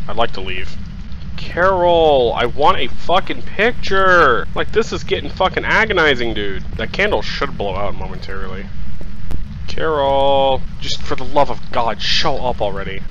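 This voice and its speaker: A man commentating his solo horror game run, exasperated and swearing a lot, breaking into high shouts. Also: slight background noise, rough recording. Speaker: gaming streamer.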